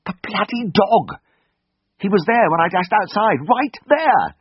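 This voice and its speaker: A man reading aloud, voicing a panicky young man who talks in quavering, hurried bursts, in a slightly dull recording. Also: high voice, lively intonation, husky, no echo, pitched above the performer's own voice, full character voice. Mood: panicked.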